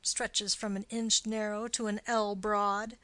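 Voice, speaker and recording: A mocking, quick-witted young nobleman, read by a woman in a storybook reading. He teases with a playful lilt at a middle pitch. The sound is dry and close. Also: flat delivery, a bit bright, no echo.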